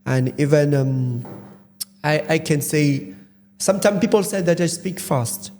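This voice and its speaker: Hesitant man, raised pitch. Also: measured pace, darkish tone, slight background noise. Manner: hesitant, many fillers, non-native phrasing. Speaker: English teacher and interview guest. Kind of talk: casual interview answers. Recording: long room reverb.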